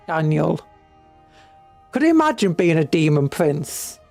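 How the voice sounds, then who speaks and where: A woman's voice: low-pitched, big pitch swings, measured pace, gravelly, a little mellow, soft background music. A woman from Britain streaming a strategy game, chatting playfully and humming to herself.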